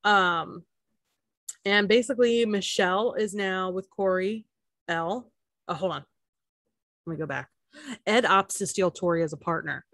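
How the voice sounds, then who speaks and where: A chatty woman in her thirties co-hosting a podcast, rambling casually with frequent laughter and fillers. Her voice sits at a middle pitch. The recording is dry, with no room sound. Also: unhurried, long pauses, a bit bright, no room sound. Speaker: podcast co-host. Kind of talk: casual chat recapping a reality show.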